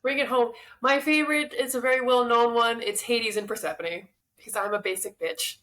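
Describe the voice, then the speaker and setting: Relaxed joking young woman. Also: on the high side, fairly quick. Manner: relaxed, joking, self-deprecating. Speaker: podcast co-host. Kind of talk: casual chat and myth retelling.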